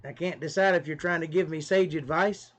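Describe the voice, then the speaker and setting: A man's voice: on the high side, fairly even intonation, a little fast. A man with a Southern US accent, chatting and joking with viewers on a live stream. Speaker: musician hosting a live stream. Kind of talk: casual live-stream chat.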